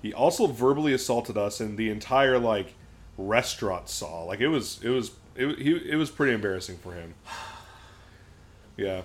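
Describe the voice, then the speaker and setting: This podcast co-host from Southern California has a fairly low voice and speaks at a normal pace. Chatting casually, he spins a lively story and voices the characters' quotes loudly.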